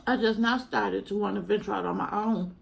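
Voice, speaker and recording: A woman's voice: medium pitch, steady tone, brisk, creaky, poor audio. A young woman, earnestly and chattily talking to camera at home in a vlog. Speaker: mukbang vlogger. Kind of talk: casual heartfelt chat to camera.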